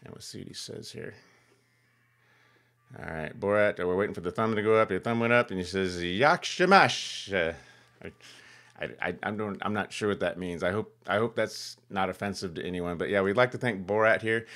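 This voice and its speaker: A man's voice: sits low, steady tone, fairly quick, a bit bright. A man hosting a ham radio channel, explaining a radio demo in a rambling, chuckling way with lots of fillers. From California. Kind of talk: casual demo vlog.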